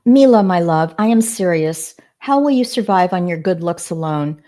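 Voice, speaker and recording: A woman reading aloud as a desperate middle-aged mother begging her daughter to stay, her pleas slowing as she goes. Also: lowish voice, animated, mellow, natural voice. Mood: pleading.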